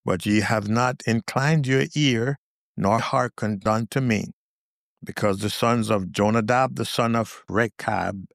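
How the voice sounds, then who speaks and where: A man giving a scripted Bible reading in measured, deliberate short phrases. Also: on the low side, creaky, no echo, clean studio sound. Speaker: scripture reader.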